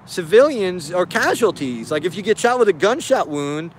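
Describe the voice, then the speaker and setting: A man's voice: high-pitched, very animated, moderate pace, slight background noise. A man giving casual spoken commentary on video footage, hesitant and puzzled, often repeating himself.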